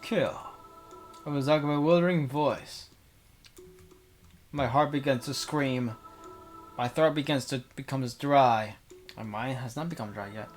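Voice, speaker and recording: A man's voice: mid-range voice, measured pace, long pauses, faint music behind. A young man reading a visual novel aloud into a desk microphone, breaking off for rambling casual asides.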